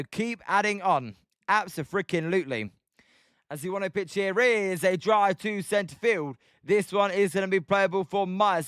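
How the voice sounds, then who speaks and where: British male stream host, high smooth voice, dry close sound, casual play-by-play mixed with viewer chat. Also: no echo. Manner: chatty, answers viewer shout-outs between pitches.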